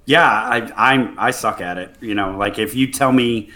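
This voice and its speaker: A man's voice: lowish voice, normal speed, bright, forceful tone. A man in casual podcast chat about a mobile strategy game, rambling with many fillers and restarts.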